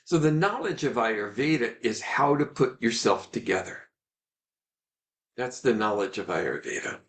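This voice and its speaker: A man teaching in a webinar, telling a story with animated, earnest delivery and ending on a gentle message. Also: mid-range voice, unhurried. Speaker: Ayurvedic teacher.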